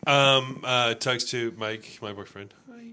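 A man's voice: medium pitch, sing-song, takes it slowly, pushed and bright, a little hiss or hum. A man co-hosting a podcast in casual chat, rambling and forgetful as he talks. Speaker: podcast co-host.

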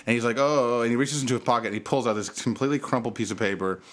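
Male podcast host, young adult, lively storyteller who plays out the dialogue in his anecdotes. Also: racing. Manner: animated, acts out quotes with big pitch jumps. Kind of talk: casual storytelling chat.

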